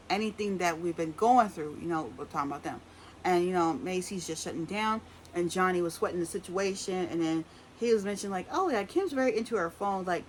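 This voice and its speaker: A woman giving a casual, opinionated recap of a reality show, chatty with sassy asides and quick voice impressions. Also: fairly low pitch, a little hiss or hum, low-quality recording.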